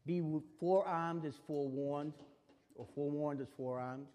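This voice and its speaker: A man giving a spoken lesson on staying safe, animated and acting out the exchanges he describes. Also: on the high side, moderate pace. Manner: animated, acts out quoted exchanges. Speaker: self-defense instructor. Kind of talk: spoken teaching talk. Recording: long reverb of a hall.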